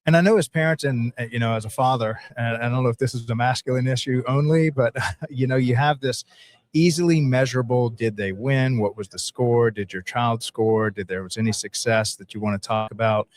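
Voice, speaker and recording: A man's voice: medium pitch, brisk. A man hosting a podcast interview, asking long questions with frequent restarts. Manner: rambling questions with repeated restarts. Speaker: podcast host.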